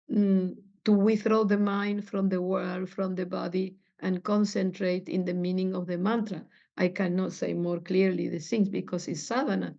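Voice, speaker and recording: A woman giving a meditation lesson, halting and searching for words with many fillers. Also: medium pitch, creaky, dark tone. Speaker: spiritual teacher. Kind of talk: meditation teaching talk. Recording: dull lo-fi recording.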